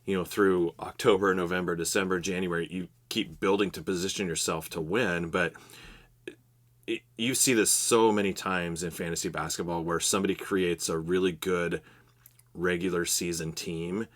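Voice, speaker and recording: A man co-hosting a podcast, giving steady advice in a casual explanatory way. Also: low-pitched, moderate pace. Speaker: podcast co-host.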